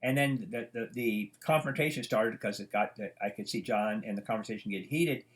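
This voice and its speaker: A man's voice: on the low side, normal speed. An older man teaching psychology in a loose, rambling lecture style at home, full of fillers, restarts and side stories. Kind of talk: informal lecture.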